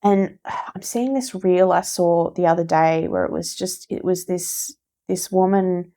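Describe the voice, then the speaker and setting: A woman with a low voice and a gravelly edge talks through a tarot reading. She is gentle and encouraging, and she repeats her advice to press it home. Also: fairly even intonation, a little slow. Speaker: tarot reader. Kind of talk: casual spoken tarot reading.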